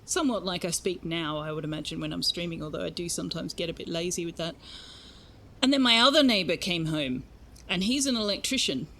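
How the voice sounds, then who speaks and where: A woman's voice: on the low side, a little fast, a bit bright, slight background noise. An Australian woman streaming a game, chatting casually with her viewers and enunciating carefully. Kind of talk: casual gaming stream chat.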